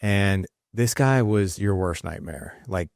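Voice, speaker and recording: A man's voice: sits low, slow pace, vocal fry, a little mellow, no room sound, clean studio sound. A man in his late forties hosting a podcast, telling a personal story in a casual, rambling way with fillers and restarts. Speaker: podcast host.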